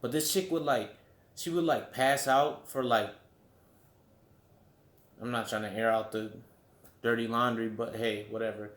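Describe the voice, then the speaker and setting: A man's voice: medium pitch, steady tone, measured pace, pauses often, fairly bright tone, reverberant, slight background noise. A man telling a story casually at home, swearing freely and padding his talk with likes and you knows. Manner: loose, profane, filler-heavy. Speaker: vlogger. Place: room at home.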